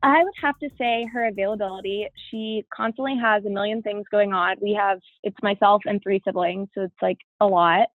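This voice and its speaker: A woman's voice: mid-range voice, steady tone, fairly quick, few pauses, dry recording, faint music behind. A young woman answering interview questions in a composed, friendly way. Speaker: interview guest. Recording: phone-like dry sound.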